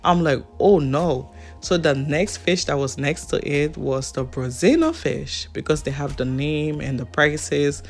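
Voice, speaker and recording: A woman's voice: low-pitched, expressive, unhurried, few pauses. African-accented woman vlogger, chatty and laughing, with faint music under her. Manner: chatty, laughs often, talks straight to the viewer. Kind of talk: casual vlog chat.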